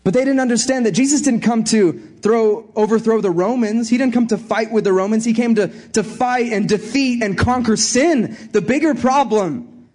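Male preacher, higher-pitched, animated storytelling sermon, playful voices for Bible scenes. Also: normal speed. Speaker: pastor.

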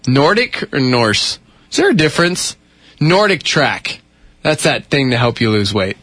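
A man's voice: fairly high pitch, very animated, moderate pace, a bit bright, slightly rough, dry recording. A man co-hosting a morning radio show, joking around with silly wordplay and sudden voices. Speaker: radio co-host. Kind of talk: casual morning radio banter.

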